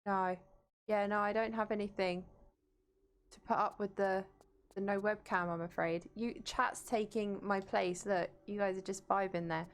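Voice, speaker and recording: A woman streamer chats casually from a room at home, speaking into a desk mic while she plays. Her voice sits at an ordinary middle pitch. She greets viewers and answers chat aloud. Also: steady tone, normal speed. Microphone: desk mic, no webcam.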